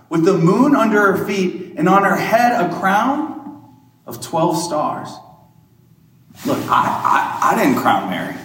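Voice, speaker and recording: A man's voice: sits high, slight background noise. Man preaching in an echoey church. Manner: conversational preaching, rhetorical questions. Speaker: Catholic priest. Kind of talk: sermon. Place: large church. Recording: echoey church hall, mic far off.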